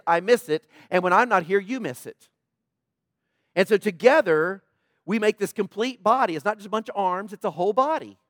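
A man with a high voice gives a sermon as a pastor, talking to the congregation in an easy conversational way. He often checks in with them and lifts his voice when he quotes a prayer. The sound is close and dry. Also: dry recording. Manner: conversational preaching, often asks "right?"; dramatic quoting of prayer in a raised voice.

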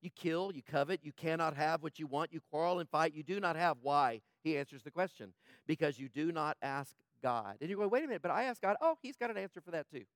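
A male pastor delivers an impassioned sermon in a high voice. He swings from loud, urgent passages to quiet, hushed ones. The sound is close and dry. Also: expressive, brisk, no echo.

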